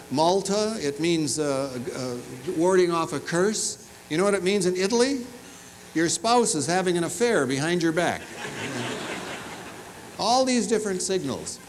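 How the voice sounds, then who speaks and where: A man's voice: a little high, slight background noise, rough recording. A man giving a commencement address in a large university fieldhouse, telling humorous stories and teasing the audience. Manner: animated, humorous storytelling with audience asides. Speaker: commencement speaker.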